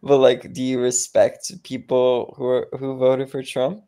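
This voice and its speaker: A man's voice: medium pitch, completely flat delivery, unhurried, mellow, clear, resonant tone. A man in a casual talk asking questions hesitantly, restarting and apologizing as he goes.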